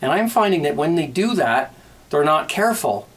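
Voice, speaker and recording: Halting, grateful homebrew vlogger man. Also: on the high side, big pitch swings, fairly bright tone, husky. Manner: halting, many restarts, grateful. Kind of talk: casual vlog.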